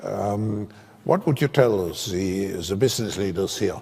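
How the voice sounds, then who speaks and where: Male moderator, very deep and husky voice, recorded in a reverberant hall. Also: unhurried, crowd noise. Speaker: panel moderator. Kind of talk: moderating a panel.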